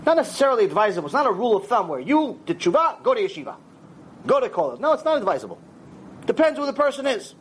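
Male rabbi, high voice, lively lecture, acts out dialogue, faint hiss. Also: quick pace. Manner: animated storytelling, acts out dialogue, sprinkles Hebrew words. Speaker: rabbi teaching a Torah class.

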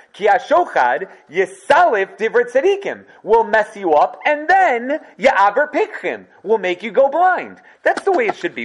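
A man teaching a casual Torah class, telling stories in an animated, conversational way. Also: high-pitched.

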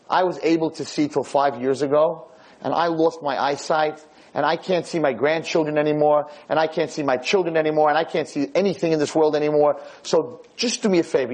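A man's voice: a little high, close to an everyday voice. A man playing a bitter old blind grouch. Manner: bitter, snapping, raised voice.

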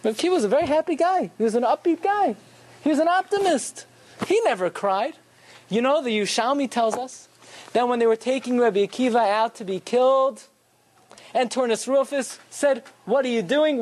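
A man giving a Torah lecture, telling stories with animated rhetorical questions. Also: very high-pitched, normal speed. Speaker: Torah teacher.

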